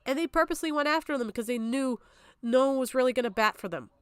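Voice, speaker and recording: A woman's voice: high voice, fast, smooth, no echo. A young adult woman streaming, talking in an upset, tearful way and swearing often, close to crying. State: on the verge of tears. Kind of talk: emotional livestream talk.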